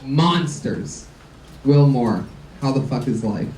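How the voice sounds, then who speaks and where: A man from Ohio hosting a live comedy show, joking loudly with the crowd. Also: mid-range voice, normal speed. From Youngstown, Ohio. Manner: loud, joking banter with the crowd. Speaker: comedy podcast host. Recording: echoey club, distant mic. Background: loud crowd and noise.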